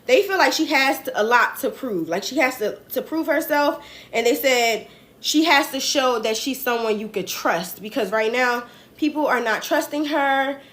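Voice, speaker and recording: A woman's voice: high-pitched, expressive, normal speed, fairly bright tone. A young adult woman with a New Jersey accent, hosting a casual political commentary livestream in a chatty, slangy, rambling way. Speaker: host.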